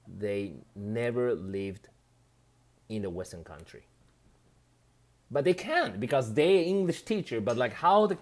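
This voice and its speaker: A man from Japan with a Japanese accent touched by Australian English, a native Japanese speaker, hosting a casual live stream where he reads viewer comments aloud and answers in a loose, halting, chatty way. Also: mid-range voice, lively intonation. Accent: Japanese with some Australian.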